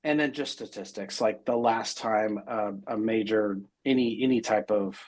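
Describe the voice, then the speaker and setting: A man's voice: on the low side, normal speed, darkish tone. A middle-aged man as interview guest, talking casually and rambling with many fillers and restarts.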